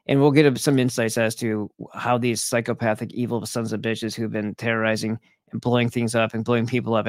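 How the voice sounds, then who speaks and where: A man's voice: medium pitch, no room sound. A man hosting his own online show, ranting to viewers in a profane, sarcastic, rambling way. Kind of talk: casual rant to viewers.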